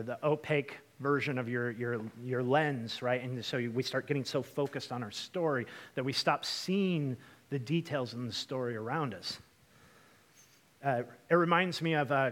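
A young man from Washington state preaching a storytelling sermon, chatty and lively, with lots of fillers and asides to the congregation. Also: mid-range voice, normal speed. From Washington state, USA. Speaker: pastor.

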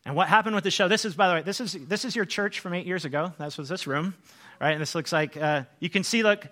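A middle-aged male pastor delivers a sermon as a lively story, slipping into the voices of the people he quotes. His voice sits a little high and sounds bright and forward. He talks in a loose, conversational way with many restarts. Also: fast. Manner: animated storytelling, acts out quotes.

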